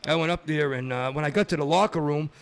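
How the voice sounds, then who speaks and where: Middle-aged podcast guest, high-pitched and lively, tells stories and acts out other people's voices. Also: male voice, fast, gravelly, smooth. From Massachusetts. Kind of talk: storytelling in a casual chat.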